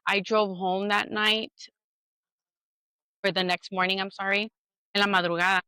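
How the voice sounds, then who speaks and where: A woman's voice: medium pitch, level tone, moderate pace, bright, forceful tone, smooth, no echo, low-quality recording. A woman co-hosting a podcast, telling a personal story earnestly and candidly, acting out what others said. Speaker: podcast co-host. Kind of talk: casual podcast chat.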